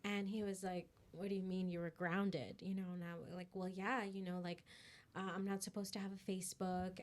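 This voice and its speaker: A woman's voice: lowish voice, a little mellow, a little hiss or hum. A woman co-hosting a podcast, telling a story in casual chat, full of "like" and "you know", acting out what each person said. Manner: filler-heavy, acts out quoted voices. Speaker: podcast co-host.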